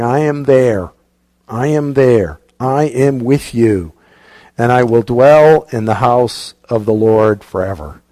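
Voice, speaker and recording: A pastor preaching a sermon with earnest conviction, dropping soft and low when he quotes scripture and when he prays. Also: no room sound.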